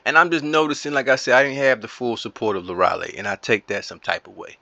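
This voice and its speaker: Man, gaming commentator; bright, forceful trash talk, dry dull lo-fi mic. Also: mid-range voice, fast talker, creaky, no echo. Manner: playful trash talk, animated and silly. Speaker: gaming YouTuber. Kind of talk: casual gameplay commentary.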